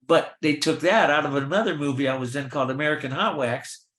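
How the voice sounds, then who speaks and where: An older man, a guest in an interview, telling lively anecdotes and acting out the voices of the people in them. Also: a little high, quick pace, roomy sound. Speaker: film extra and actor, guest. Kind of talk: storytelling in an interview.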